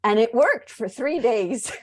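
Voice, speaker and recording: A woman's voice: on the high side, animated, slow pace, a little mellow. A woman on a video call, a workshop participant chatting and laughing as she shares funny stories. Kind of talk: casual storytelling.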